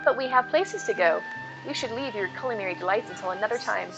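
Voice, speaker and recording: Brief: woman voicing a prim, formal young noblewoman, measured, softer and lower than her own talk. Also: expressive, gravelly, soft background music, low-quality recording.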